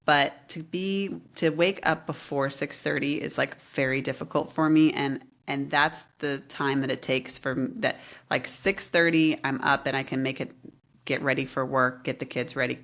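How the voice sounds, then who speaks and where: A woman's voice: very deep voice, moderate pace. A woman co-hosting a podcast, telling a story in a chatty way with many fillers. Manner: chatty, many fillers, animated quoted voices. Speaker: podcast co-host. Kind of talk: casual chat, storytelling.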